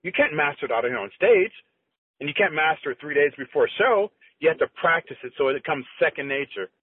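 A man retells the words of a veteran bodybuilder who lays down plain advice with firm insistence. The voice sits a touch high and husky. It comes through thin and phone-like. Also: animated, fast. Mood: insistent. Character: veteran male bodybuilder giving blunt advice. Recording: tinny phone-line audio.

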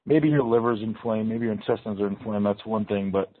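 Fast-talking male host over a phone line. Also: lowish voice. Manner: emphatic, casual, says "man" and "dude" a lot. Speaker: host, bodybuilder. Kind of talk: podcast interview. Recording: tinny phone-line audio.

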